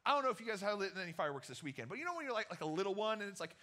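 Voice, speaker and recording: A young man preaching as a youth pastor, telling a funny story in a casual, energetic way and acting out the voices in it. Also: high voice, racing. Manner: energetic, animated, jokey, acts out quotes. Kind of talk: casual storytelling sermon to teens.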